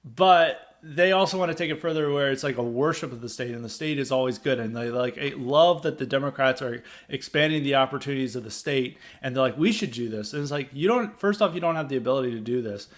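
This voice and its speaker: A man's voice: medium pitch, fast talker, few pauses. A man hosting a podcast, delivering a rambling political commentary monologue full of fillers, with emphatic bursts. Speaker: podcast host.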